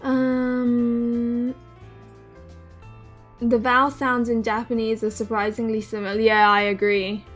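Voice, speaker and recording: A woman's voice: fairly high pitch, monotone, takes it slowly, soft background music. A young woman streaming and reviewing an otome game, chatting casually and giggling as she plays. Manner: chatty, giggly, talks while playing.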